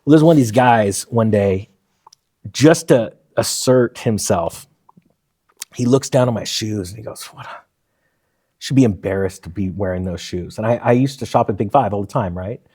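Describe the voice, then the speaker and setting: A man's voice: mid-range voice, normal speed, slightly rough. A man in his forties, a former firefighter, telling stories in a casual interview and acting out the dialogue. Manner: animated storyteller, acts out quoted dialogue.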